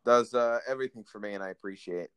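A man's voice: lowish voice, fast, clear, resonant tone. A young man hosting a casual chat, teasing his guest and joking about himself. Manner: joking, self-deprecating. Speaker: host.

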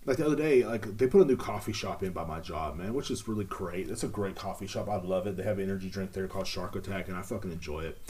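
A man's voice: deep voice, quick pace, few pauses, darkish tone, slight background noise. A man hosting a casual solo podcast, rambling through jokey stories with lots of fillers. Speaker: podcast host.

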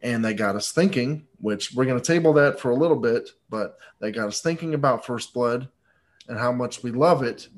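A man's voice: medium pitch, moderate pace. A man co-hosting a casual movie podcast, rambling and joking, swearing freely. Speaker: podcast co-host.

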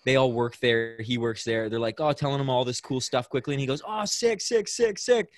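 A young man hosts a casual podcast chat, spinning a story with energy and putting on voices for the people he quotes. He fills his talk with "like" and quick laughs. The sound is dry and close. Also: medium pitch, no room sound. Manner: animated storyteller, acts out quotes, many "like"s and laughs. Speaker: podcast host.

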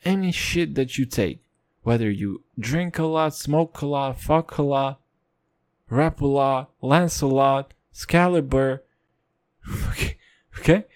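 A young man, a comedian and native Russian speaker, who rambles through a silly, profane comic rant. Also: takes it slowly. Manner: rambling, profane, silly, with sudden jumps in pitch.

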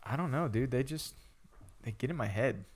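A man's voice: mid-range voice, expressive, moderate pace, slight background noise. A man in casual chat with a friend, easygoing, laughing along and giving short reactions. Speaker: friend listening.

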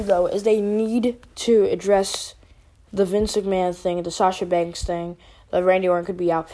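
Woman, vlogger, casual rant, rambling, filler-heavy, dark mellow voice. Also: on the low side. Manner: rambling, with many fillers and restarts. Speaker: wrestling vlogger.

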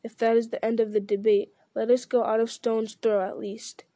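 A blunt male dwarf urging everyone out of danger, read aloud by a woman. Her voice stays fairly high and flat, with a dry, close sound. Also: moderate pace, no room sound, natural voice. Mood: wary. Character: gruff male dwarf warrior, blunt and wary.

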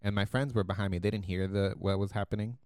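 A man co-hosting a podcast, telling a story in a casual, animated way, laughing often and acting out the people he quotes. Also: fairly low pitch, fast talker, clean tone, dry recording, studio quality. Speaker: podcast co-host.

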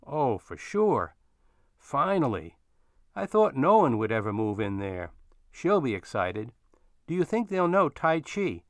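A man's voice: mid-range voice, no room sound, clean studio sound. A man voicing a jovial, beer-loving middle-aged neighbor who talks in a chummy, joking way.

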